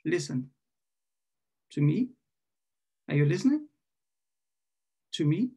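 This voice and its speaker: A man reading his own poem at an online poetry event. He hesitates and corrects himself while introducing it, then reads in a measured, questioning way. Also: on the high side, very animated, warm tone, slightly rough. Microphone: video call.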